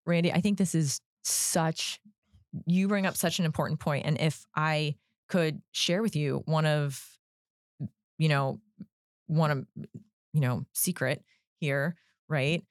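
A woman's voice: low-pitched, steady tone, slow pace, pauses often, no echo, clean studio sound. A woman psychologist who is a guest on a podcast, explaining earnestly and often checking in with "right?". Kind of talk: casual podcast chat.

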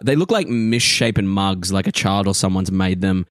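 A man's voice: deep voice, lively intonation, moderate pace, dry recording, clean studio sound. A man narrating a tabletop game as game master, rambling and loose, with many fillers.

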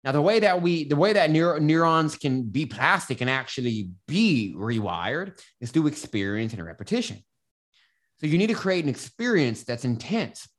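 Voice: medium pitch, very animated, moderate pace. A self-help coach giving candid casual advice, explaining through a personal story with frequent restarts. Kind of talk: casual advice monologue to camera.

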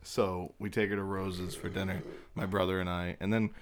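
Podcast co-host, man with a deep voice, swears freely and laughs through his stories. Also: flat delivery, moderate pace, heavy background noise. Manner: profane, storytelling, laughs often. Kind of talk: casual chat. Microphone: headphones and mic.

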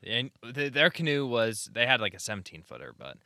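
Another co-host on the podcast tells of a trip in a relaxed, conversational way, his medium-pitched voice swinging widely in pitch. He talks fairly quickly with a pushed, bright tone, and the studio sound is clean without echo.

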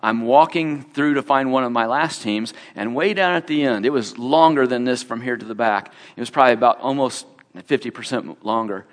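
This preacher, relating his testimony within a sermon, speaks in a mid-range voice at normal speed with few pauses. He keeps it conversational, acting out the characters in the tale. Long hall reverb colors the sound.

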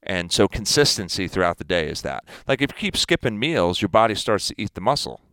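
A man in his fifties, a guest athlete, talking in a casual interview in an emphatic, animated way. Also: on the low side, a little fast, dry recording. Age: 50s.

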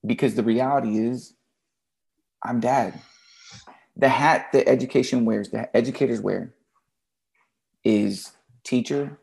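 A man's voice: mid-range voice, vocal fry, dark tone. A man, a teacher and podcast guest, telling a candid personal story in a blunt, emotional way with casual slang.

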